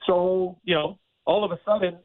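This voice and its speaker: A man, a former hockey player, telling a rambling, animated story in casual chat, laughing often. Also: sits high, normal speed, no echo, narrow, tinny audio.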